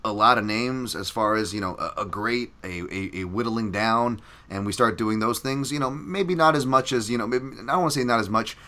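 A man's voice: fairly low pitch, fairly quick, hardly any pauses, bright, forceful tone. A man hosting a casual sports podcast, rambling with many fillers and restarts, chatty and self-deprecating. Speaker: podcast host. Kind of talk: casual chat.

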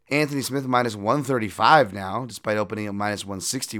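A man hosting a fight podcast, breaking down bets in a profane, animated and self-deprecating way. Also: fairly low pitch. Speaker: podcast host and fight analyst. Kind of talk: casual betting-podcast breakdown.

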